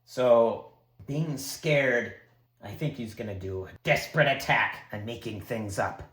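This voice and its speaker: A man narrating his own solo tabletop game, excitable and talking to the dice and characters. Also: medium pitch, measured pace. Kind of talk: casual solo play narration. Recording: echoey room.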